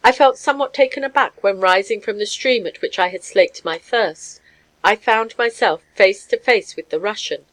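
A woman giving a measured, scripted narration of a story. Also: medium pitch, rough recording. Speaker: audiobook narrator.

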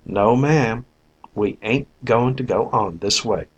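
A man voicing a proud, passionate young rural woman in an audiobook, his voice climbing high and strained. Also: takes it slowly, husky, dull audio. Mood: anguished.

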